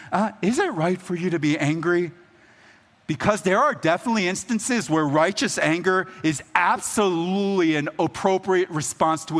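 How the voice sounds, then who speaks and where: A male preacher with a fairly high voice who talks to his audience casually, with jokes and frequent check-ins. His sermon rings out in a large hall with a long reverb. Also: fairly bright tone. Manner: conversational and joking, often asks the audience "right?". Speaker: pastor.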